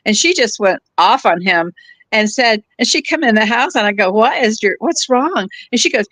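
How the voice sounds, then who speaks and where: A guest in her seventies, voice on the high side with lively intonation at a moderate pace, chats casually about her personal life. She tells her stories warmly, laughing easily and restarting phrases frequently, and there's no echo.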